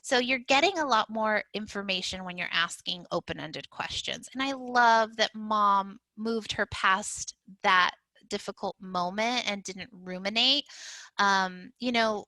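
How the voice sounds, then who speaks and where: Bright-voiced woman giving a parenting talk. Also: medium pitch, measured pace, no echo, rough recording. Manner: conversational, many fillers and restarts. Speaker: early childhood educator.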